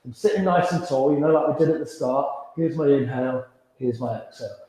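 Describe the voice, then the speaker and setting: A man teaching a gentle beginners yoga class, calmly cueing breaths and movements and chuckling now and then. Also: mid-range voice, brisk. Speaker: yoga instructor. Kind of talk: guided yoga class instruction. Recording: echoey room.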